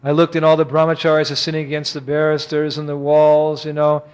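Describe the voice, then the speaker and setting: A man in his sixties, a monk giving a storytelling lecture, animated, acting out the people he quotes and chuckling often. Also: fairly high pitch, fairly quick, smooth.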